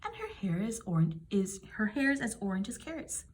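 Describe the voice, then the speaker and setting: A woman's voice: medium pitch, wildly swooping pitch, fairly quick. A woman voicing a rude, gossiping older woman visitor who talks bluntly and exclaims. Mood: scornful.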